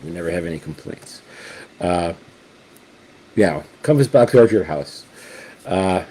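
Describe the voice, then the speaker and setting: Brief: lower-voiced man, warm mellow tone, chatty enthusiastic home reviewer, lots of ums and restarts. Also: animated. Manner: halting and enthusiastic, many fillers and restarts. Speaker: whisky reviewer. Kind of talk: casual spirits review.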